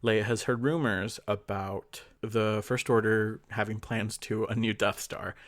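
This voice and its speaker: A man's voice: on the low side, steady tone, unhurried. A man co-hosting a podcast, rambling through a fanfic plot in casual chat, with lots of fillers and quoted lines. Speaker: podcast co-host.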